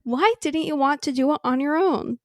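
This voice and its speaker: Female co-host, fairly high voice, dry close sound, wry and emphatic in casual chat. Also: moderate pace, no room sound. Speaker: podcast co-host.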